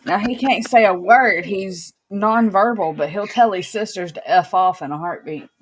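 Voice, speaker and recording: A woman talking into a headset in a relaxed, casual chat. Her replies are short and easygoing, at an average pitch. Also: moderate pace, husky.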